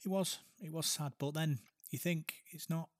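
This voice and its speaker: A man's voice: fairly high pitch, steady tone, normal speed, no room sound. Man, hesitant and reflective, casual co-host, dry close sound. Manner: hesitant, reflective, soft-spoken. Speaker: podcast co-host. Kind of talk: casual chat.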